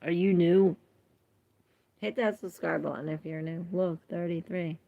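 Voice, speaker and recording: A woman hosting a livestream chats slowly and loosely, drifting from thought to thought. Her low voice has a gravelly fry, and the sound is dry and close. She laughs often and answers viewers' comments as they come in. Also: fairly even intonation, no echo, narrow, tinny audio. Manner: rambling, laughs often, reacts to chat comments. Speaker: tarot livestream host. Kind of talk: casual livestream chat.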